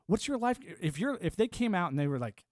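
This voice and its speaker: Forties guy ranting on stream, swears a lot, rambly, kinda high voice, dry sound. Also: big pitch swings, fairly quick, no echo. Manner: rambling, profane, heavy on "you know". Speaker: live streamer. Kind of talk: ranting monologue.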